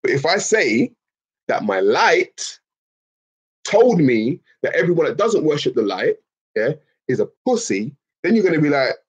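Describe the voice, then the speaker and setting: Animated, swearing man ranting to his chat. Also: on the high side, unhurried, husky. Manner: animated, swearing, repeating points. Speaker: streamer talking to chat. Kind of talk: casual profane rant.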